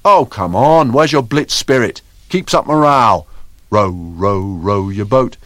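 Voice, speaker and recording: A man voicing a boisterous, theatrical male adventurer who talks loudly and in a bouncy sing-song way. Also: mid-range voice, sing-song, normal speed, no room sound, pitched above the performer's own voice. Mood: cheery, loud. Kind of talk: audiobook character voice.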